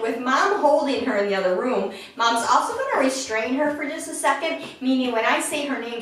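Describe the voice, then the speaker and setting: A woman dog trainer explains a lesson to the camera with a lively, up-and-down delivery and a fairly high voice. She breaks into very high sing-song praise for the dog. The sound is echoey and recorded from a distance. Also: a little hiss or hum. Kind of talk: instructional talk to camera. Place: indoors in a house. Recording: echoey room, mic at a distance.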